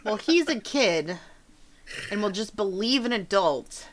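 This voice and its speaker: A woman's voice: medium pitch, expressive, unhurried, a little hiss or hum. A woman narrating a tabletop game as game master, describing what the characters do.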